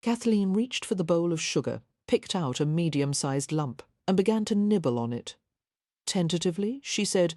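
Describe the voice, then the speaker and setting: A woman narrating a historical romance audiobook at a measured, even pace. Her voice sits low and mellow. The recording is dry and close, with no room sound. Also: no echo.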